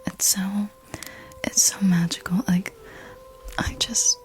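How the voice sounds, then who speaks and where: In a whispered, unvoiced ASMR delivery, a young woman rambles casually through a personal story, dropping the occasional swear word. Her voice is medium-pitched, with a level tone and a slow pace.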